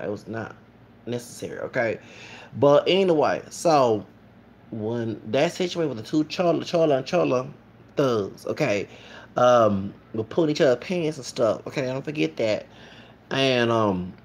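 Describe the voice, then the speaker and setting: A man's voice: mid-range voice, gravelly, a little hiss or hum. A man, rambling in a casual vlog monologue and often asking "okay?". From Texas. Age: late 30s.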